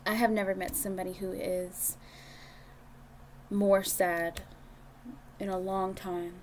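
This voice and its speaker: A woman's voice: medium pitch, level tone, takes it slowly, pauses often, a little mellow, slight background noise. Blunt, foul-mouthed woman tarot reader. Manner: blunt and profane, talks straight to the viewer. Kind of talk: casual tarot reading monologue.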